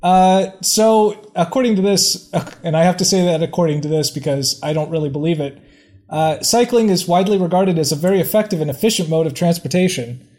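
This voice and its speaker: A man's voice: fairly high pitch, brisk, a little mellow. A man co-hosting a casual comedy podcast, often stammering and restarting his sentences. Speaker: podcast co-host. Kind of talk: casual chat.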